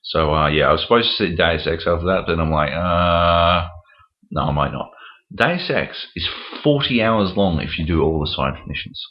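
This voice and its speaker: A deep-voiced Australian man chatting casually as a podcast co-host, blunt and quick to swear. The recording is dull and lo-fi, with muffled highs. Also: lively intonation. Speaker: podcast co-host, games reporter. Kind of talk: casual chat.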